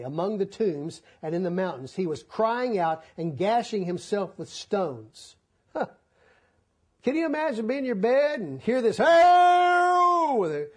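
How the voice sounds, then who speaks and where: A folksy male preacher delivering a sermon with a husky, somewhat high voice. He reads scripture and then retells it in homespun, joking terms. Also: warm tone.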